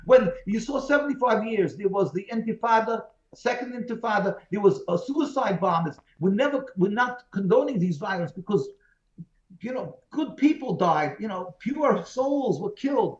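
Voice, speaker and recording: Over a video call from home, a rabbi being interviewed answers in an expressive, fairly high voice at a moderate pace. His replies are emphatic and pleading, full of repeated phrases, and the call audio sounds roomy and dull.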